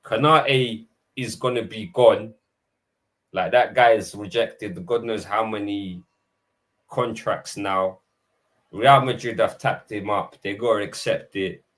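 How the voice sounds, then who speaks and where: A man talking about football in a casual podcast chat, lively and full of slang, acting out his own reactions. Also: lowish voice, slow pace. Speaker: podcast panelist.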